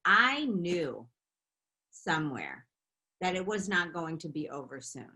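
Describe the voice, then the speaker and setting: A middle-aged woman telling stories in a casual interview, animated and quick to laugh. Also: lowish voice. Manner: animated, laughing, chatty storytelling. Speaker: interview guest, makeup artist and beauty founder.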